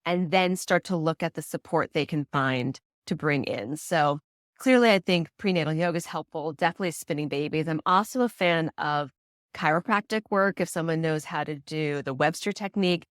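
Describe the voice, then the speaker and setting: A chatty woman in her forties with a fairly low voice talks through a casual interview, laughing often and slipping into the voices of people she quotes. The sound is close and dry, with no room around it. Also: moderate pace, no room sound. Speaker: prenatal yoga teacher and doula, guest.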